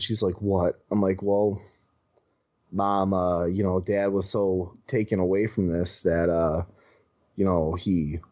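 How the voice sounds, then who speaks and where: A podcast guest, a man with a fairly low, darkish voice, shares a personal story, tripping over restarts and swearing casually. The recording sounds dull and lo-fi.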